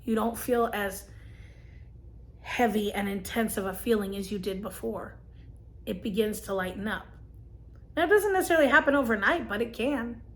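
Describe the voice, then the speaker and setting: A woman, telling a personal story and giving gentle, earnest advice to camera as a vlogger. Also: mid-range voice, normal speed, long pauses. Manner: earnest, gentle, emotional at times.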